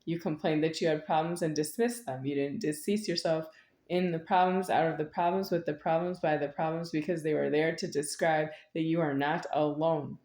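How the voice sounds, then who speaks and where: A woman with a deep, low-pitched voice talks on in a meandering, repetitive monologue. She sounds middle-aged. The recording rings with the echo of a bare room. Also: steady tone, normal speed, darkish tone. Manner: meandering, repetitive, with sudden laughs. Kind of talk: rambling spoken monologue. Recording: echoey room.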